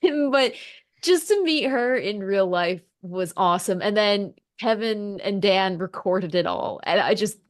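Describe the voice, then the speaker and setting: A woman meteorologist from the United States, a podcast guest, telling stories in casual conversation with excited, laughing energy and quoted voices. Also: mid-range voice, unhurried.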